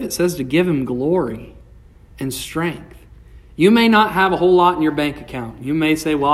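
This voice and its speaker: A man preaching a sermon with passion, his voice rising and dropping, reading scripture aloud along the way. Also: fairly high pitch. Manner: impassioned preaching, rising and falling. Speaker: pastor.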